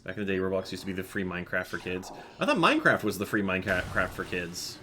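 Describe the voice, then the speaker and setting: A man's voice: deep voice, very animated, fast talker, pushed and bright, slight background noise. A man streaming a game, chatting casually, reading chat aloud and muttering to himself. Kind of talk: casual gameplay commentary. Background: game music.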